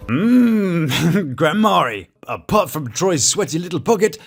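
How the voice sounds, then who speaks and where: A man with a slightly raised pitch and a husky edge, commenting on reality TV with mocking asides and cheeky jokes. His voice jumps all over the place as he riffs. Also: very animated, slow, soft background music. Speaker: reality TV reviewer. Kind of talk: sarcastic commentary over clips.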